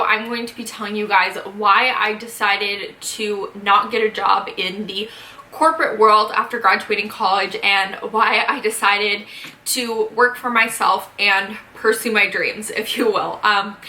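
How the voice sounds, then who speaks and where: Young woman in her early 20s chatting to camera, bright voice, lots of um and like, bit breathless, echoey room. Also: mid-range voice. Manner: chatty, filler-heavy, frequent "um" and "like". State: pregnant, slightly out of breath. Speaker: vlogger host. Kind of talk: casual sit-down vlog.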